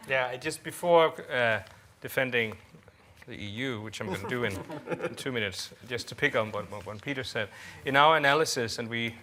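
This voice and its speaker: Bright-voiced halting man on a panel. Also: mid-range voice, slight background noise. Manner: halting, with fillers. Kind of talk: panel discussion remarks. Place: conference hall.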